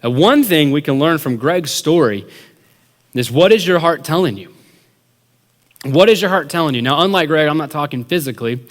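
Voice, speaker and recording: A young adults pastor telling a story in a sermon, animated and acting out what people said, with many casual fillers. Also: male voice, a little high, moderate pace. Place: church hall. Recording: long reverb of a large hall.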